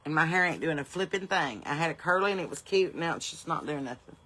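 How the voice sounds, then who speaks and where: A woman's voice: deep voice, expressive, fast talker, pushed and bright. A middle-aged woman with a Southern US accent, hosting a podcast and telling brash, profane, rambling comic stories. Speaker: podcast host. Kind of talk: comedic storytelling monologue.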